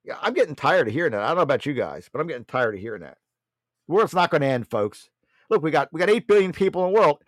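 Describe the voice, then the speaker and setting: A man's voice: fairly high pitch, very animated, fast talker, dry recording, clean studio sound. A man hosting a political talk show, delivering a blunt, mocking monologue and often calling his listeners folks.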